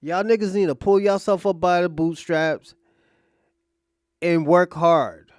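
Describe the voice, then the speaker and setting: High-voiced man, crude mocking commentary. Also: fairly even intonation, measured pace, darkish tone, no echo, studio quality. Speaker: host. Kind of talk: profane reaction commentary.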